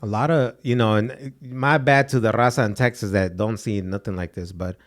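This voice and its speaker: A man's voice: fairly low pitch, fairly even intonation, normal speed. A young man co-hosting a podcast, telling stories in loose, slangy talk with "dude" and Spanish words mixed in. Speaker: podcast co-host. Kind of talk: casual podcast chat.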